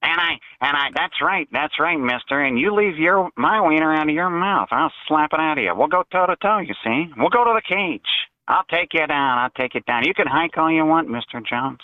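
A man's voice: fairly high pitch, lively intonation, moderate pace, no echo, lightly acted. A man on a phone call, putting on a cartoonish fake voice as a boastful, drawling caller who keeps saying "mister". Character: gruff male prank caller in a cartoonish put-on voice. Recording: tinny phone line.

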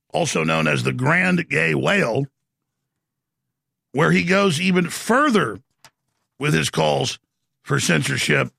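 Brief: male radio talk host, combative rapid rant, raspy-gravelly, close and dead-dry sound. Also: a little high, sharp tone, dry recording. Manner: rapid, combative, ranting delivery. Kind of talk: live call-in radio talk.

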